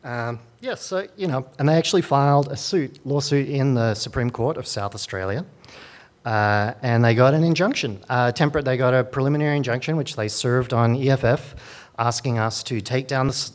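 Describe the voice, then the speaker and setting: A man's voice: mid-range voice, a little fast. A man, a lawyer, giving a conference talk in a dry, sardonic way with many fillers and restarts. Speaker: lawyer at a digital rights group.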